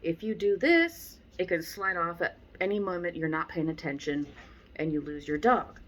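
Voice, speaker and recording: Woman, dog trainer, lowish voice, casual teaching, blunt, animated, exasperated asides. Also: normal speed, lo-fi sound. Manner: animated, acts out people she describes. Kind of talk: casual instructional talk.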